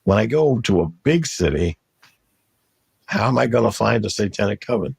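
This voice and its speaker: A man's voice: fairly low pitch, expressive, normal speed, gravelly, darkish tone, breathy edge, no echo. A man telling his past story in an interview, blunt and matter-of-fact.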